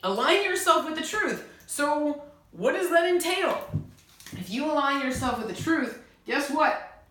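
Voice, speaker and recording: A woman's voice: high-pitched, sing-song, a little slow, a bit bright. A young woman delivering an urgent, emphatic spiritual monologue to camera, pleading and repeating herself for emphasis. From United States. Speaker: self-styled spiritual channel. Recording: very echoey room.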